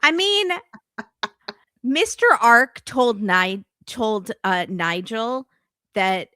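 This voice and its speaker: A woman guest on a casual podcast, making slow, wry asides. Her voice is bright and her pitch moves up and down a lot. She speaks slowly, and the sound is dry and close. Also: animated. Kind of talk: casual chat.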